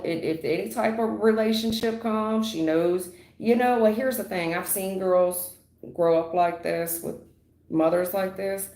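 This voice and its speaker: A woman with a lowish, dark-toned voice gives a live tarot reading. She is blunt, emphatic and slangy, repeating her points, and the room adds a noticeable echo.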